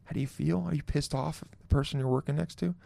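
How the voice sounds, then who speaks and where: A man opens his solo podcast with casual, loose talk that's jokey and profane, and he laughs often. He speaks fast with a fairly high pitch, a steady tone, vocal fry, and a dark quality.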